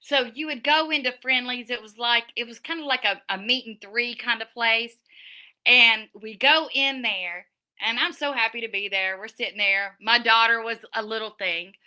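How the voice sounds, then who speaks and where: Her pitch is fairly high and her speed normal as this middle-aged Southern American woman hosts a livestream. Reading viewer comments and chatting casually, she spins stories with lots of animation and frequent restarts.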